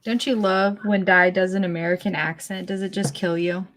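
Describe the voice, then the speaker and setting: A woman hosting a casual livestream, playful and quick to laugh. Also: mid-range voice, steady tone, a bit bright. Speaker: livestream host. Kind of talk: casual chat.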